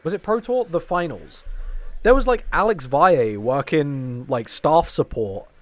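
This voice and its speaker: A man's voice: on the high side, expressive, measured pace, dry recording. A man in his twenties chatting casually on a stream, joking and swearing as he rambles, his voice strained and tired. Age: 20s. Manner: rambling, jokey, swears often. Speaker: fighting game podcast co-host.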